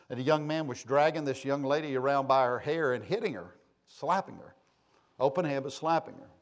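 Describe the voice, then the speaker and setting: A man preaching a sermon, shifting between loud, emphatic passages and quiet, low asides, with a folksy storytelling manner. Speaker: pastor.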